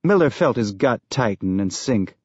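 Guy reading an audiobook, steady and measured, dry close sound, bit muffled. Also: fairly low pitch, husky, no room sound. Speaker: audiobook narrator. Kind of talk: scripted narration.

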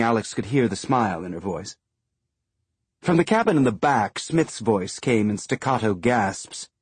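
A man narrating a science-fiction audiobook in a measured, even storytelling manner. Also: medium pitch, breathy edge, no echo.

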